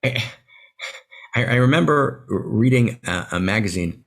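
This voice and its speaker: A man's voice: medium pitch, expressive, unhurried, gravelly. A man in a video-call conversation who talks with passion and some emotion, often tagging his points with "right?". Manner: emphatic, tags many phrases with "right?"; emotional, near tears at times. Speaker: author guest.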